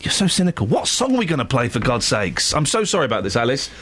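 A man's voice: mid-range voice, huge pitch swings, fast, fairly bright tone, breathy edge. A man hosting a live radio show, chatting casually with a co-host, self-mocking and rambling with lots of ums. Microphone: studio microphone.

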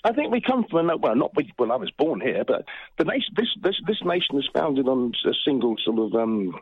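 A man's voice: mid-range voice, sing-song, brisk, husky, dry recording. Rambling male caller on a muffled line. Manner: rambling, hesitant, many fillers and restarts. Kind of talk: phone-in call.

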